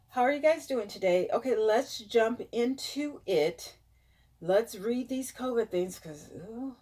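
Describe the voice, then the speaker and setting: A woman vlogger talks slowly and unhurriedly, reading numbers aloud to her viewers. Her nose is stuffed up, and her dismay shows as she now and then drops to a hushed whisper. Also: on the high side, slight background noise. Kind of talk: casual vlog reading statistics aloud.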